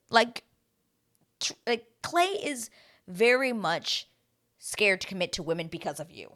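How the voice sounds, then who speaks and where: A woman giving a casual, chatty recap of a reality show, talking animatedly and filling her sentences with "like.". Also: a little slow. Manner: animated, heavy use of "like", dramatic swings in pitch and loudness.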